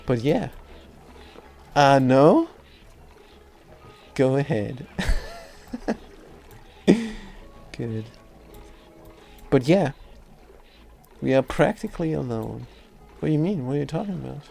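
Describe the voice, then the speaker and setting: A man's voice: medium pitch, animated, normal speed, creaky, long pauses, dark tone, faint music behind. A German man in his sixties with a German accent, chatting casually and teasingly while live-streaming a game. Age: 60s.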